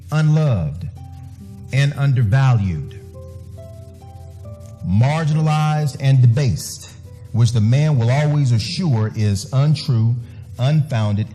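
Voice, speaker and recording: A male pastor delivering a sermon with emphasis, driving points home by repeating words. His voice has a mellow, warm tone. Soft music plays faintly behind him. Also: medium pitch. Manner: emphatic, repeats phrases for stress.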